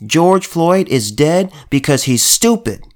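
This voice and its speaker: A man's voice: a little high, expressive, takes it slowly, darkish tone. Heated man with stumbling restarts. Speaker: political commentator. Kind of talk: emphatic monologue commentary.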